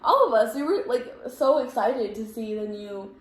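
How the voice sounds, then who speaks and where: A woman's voice: fairly high pitch, lively intonation, moderate pace. A woman hosting a casual chat podcast who talks in an earnest, reflective way and fills her sentences with "like". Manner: earnest, reflective, leans heavily on "like". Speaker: podcast host. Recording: roomy echo with faint background noise.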